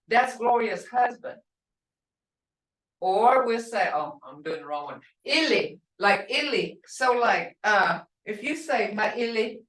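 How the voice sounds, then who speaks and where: A woman teaching a language class, taking her time and repeating each word so the tones come through. Her voice sits a little high. She sounds distant from the mic, in a room with a lot of echo. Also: fairly bright tone. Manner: patient, repeats words to stress tones. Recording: echoey room, voice from far off.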